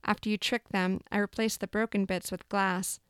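A woman's voice: medium pitch, little pitch movement, moderate pace, a bit bright, clear, resonant tone, no echo, studio quality, lightly acted. A woman voicing a bitter, worn-down young witch girl who answers curtly, in a storybook reading. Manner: curt, defensive.

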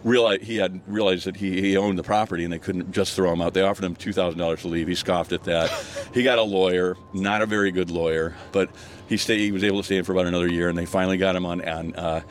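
Low, steady, and fast-talking, this older guest storyteller rambles through a casual tale while walking a hillside. Fillers and restarts abound, he laughs often, and slight background noise is present.

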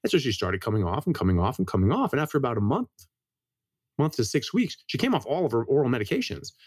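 A man's voice: medium pitch, big pitch swings, darkish tone, husky, dry recording, studio quality. An American man in a casual interview, explaining things earnestly as a doctor and telling stories about his family. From United States. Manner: brisk, earnest, tells anecdotes. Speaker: guest, medical doctor.

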